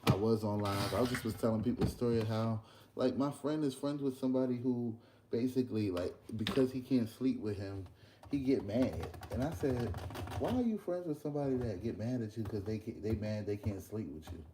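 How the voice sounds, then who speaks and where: A young man, chatting casually in a vlog while cooking breakfast at work, telling an animated story. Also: fairly low pitch, a little fast, background noise. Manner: animated ranting storyteller, loose and conversational. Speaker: vlogger and podcast host. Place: workplace kitchen.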